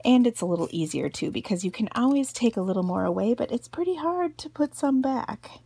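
Chatty woman with a gravelly, husky voice. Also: on the high side, sing-song, fairly quick, mellow. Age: middle-aged. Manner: chatty, giggly, self-deprecating asides. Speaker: craft video host. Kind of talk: casual crafting tutorial. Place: home craft room.

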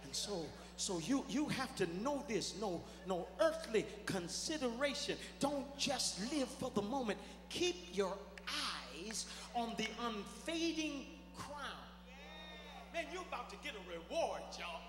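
A man's voice: extremely high pitch, very animated, measured pace. A middle-aged man, a bishop, preaching a fervent sermon with repeated, stammered restarts in a large church. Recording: echoey hall with music behind.

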